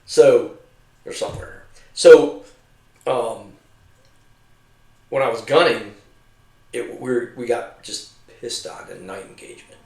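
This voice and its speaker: A middle-aged man, a retired army veteran, spins rambling, profanity-laced war stories. He imitates the men he served with as he tells them. His voice sits at an ordinary pitch, and it sounds roomy and a bit distant from the microphone. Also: takes it slowly, vocal fry, pauses often. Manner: profane, animated storyteller acting out his comrades' voices. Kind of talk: casual storytelling over drinks.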